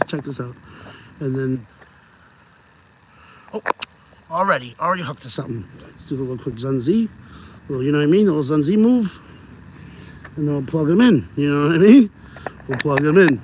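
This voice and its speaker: Walking his dog along a rainy city street, a man streams live from his phone and rambles casually to his viewers. His voice sits on the high side and is a little mellow, captured through dull phone audio with street noise.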